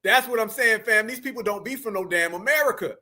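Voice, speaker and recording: This livestream host is a man whose high-pitched voice comes out brisk and sharp. He reacts to a clip on a casual stream and jokingly mocks his viewers, addressing chat directly as he teases them.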